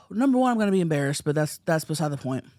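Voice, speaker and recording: A woman co-hosting a casual comedy podcast, telling bawdy stories with animated, stammering restarts. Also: low-pitched, fairly quick, no echo, studio quality. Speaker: podcast co-host.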